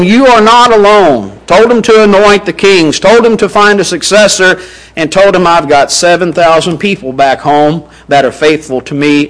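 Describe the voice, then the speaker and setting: A man's voice: fairly high pitch, rough recording. A man preaching a sermon to his congregation with an earnest, rising and falling delivery.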